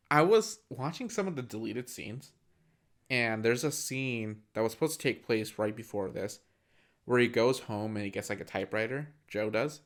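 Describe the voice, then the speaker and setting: A podcast co-host casually recaps a film, rambling and using frequent fillers in a relaxed movie-review chat. His voice is on the low side and a bit bright.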